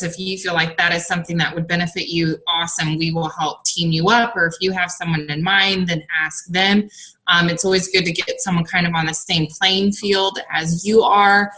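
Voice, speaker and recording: Upbeat woman coach, bright and forceful. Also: lowish voice, steady tone, moderate pace, rough recording. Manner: supportive, rambling, upbeat. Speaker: fitness coach. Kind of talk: casual team call.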